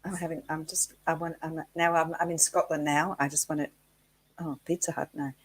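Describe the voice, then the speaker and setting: Female co-host, low husky voice, chatty and giggly. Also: little pitch movement, a little fast, poor audio. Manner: chatty, giggly, thinks aloud with restarts. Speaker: co-host of a live chat show. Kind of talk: casual live-stream chat.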